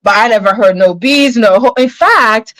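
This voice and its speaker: A woman hosting a casual livestream, venting in an animated way, swearing now and then and greeting viewers in her chat. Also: a little high, normal speed, dry recording, rough recording. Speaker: livestream host.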